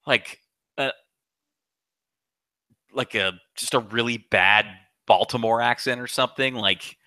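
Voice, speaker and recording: A man co-hosting a casual movie chat, excitable and profane, often stumbling and restarting. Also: mid-range voice, unhurried, no room sound. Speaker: podcast co-host.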